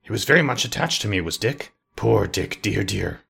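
A man doing a hushed old miser. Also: lowish voice, lively intonation, moderate pace, gravelly, breathy edge, full character voice. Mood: wistful. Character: old male miser, moved and nostalgic.

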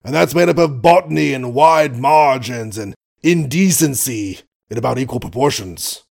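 Gruff, blustering old colonel, put on by a male audiobook reader; indignant and old-fashioned. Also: medium pitch, normal speed, darkish tone. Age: older.

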